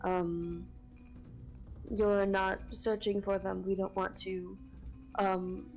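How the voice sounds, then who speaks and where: A woman's voice: medium pitch, flat delivery, slow, darkish tone. A woman voicing a sly woman adventurer in a tabletop game, speaking courteously and choosing her words with care, with music playing behind. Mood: polite.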